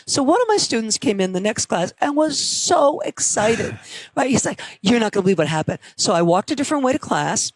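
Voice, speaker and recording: A woman professor telling stories in a conversational interview, lively when quoting others. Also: on the high side, normal speed, no echo, low-quality recording. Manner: storytelling, animated quotes. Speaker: professor and guest.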